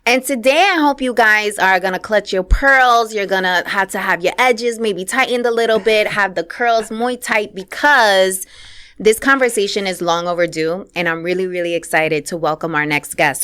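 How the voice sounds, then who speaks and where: A woman's voice: mid-range voice, moderate pace, a bit bright, clear, resonant tone. A young woman hosting a podcast in a casual interview chat, upbeat and playful with slangy asides. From Puerto Rican heritage. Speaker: podcast host.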